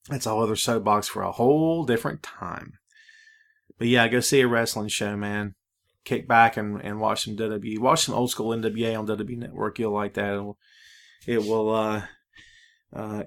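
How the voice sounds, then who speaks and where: A man's voice: on the low side, fairly even intonation, normal speed, fairly bright tone. A man hosting a solo podcast in a casual, laid-back way, often tossing in "man" and drifting into friendly preaching. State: out of breath. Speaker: podcast host.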